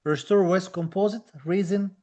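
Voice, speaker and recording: A high-pitched man with as a teaches a live online dental exam class. He talks with eager enthusiasm, repeating key phrases to encourage his students. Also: fairly even intonation, moderate pace, mellow. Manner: enthusiastic, reads out viewer comments, repeats phrases.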